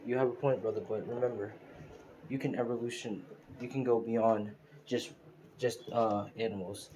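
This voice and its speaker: A man's voice: on the low side, steady tone, normal speed, mellow, a little hiss or hum, lightly acted. A man voicing a cocky, proud teenage boy hero with a smug, taunting way of talking.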